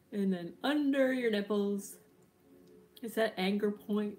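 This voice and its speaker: Gentle woman guiding a slow meditation. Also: mid-range voice, a little hiss or hum. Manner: slow, gentle, soothing with relaxed yawns. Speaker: meditation and tapping teacher. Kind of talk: guided healing meditation.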